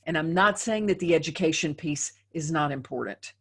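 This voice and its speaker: A woman's voice: low-pitched, moderate pace, fairly bright tone, breathy edge. Chatty middle-aged woman lecturing a webinar. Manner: conversational, often tags sentences with "right?". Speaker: dental practice trainer.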